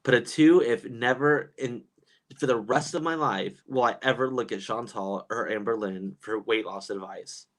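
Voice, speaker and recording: A man's voice: mid-range voice, moderate pace. Chatty man hosting a live chat. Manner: animated, chatty, lots of fillers and laughs. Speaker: livestream host reading chat. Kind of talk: casual chat.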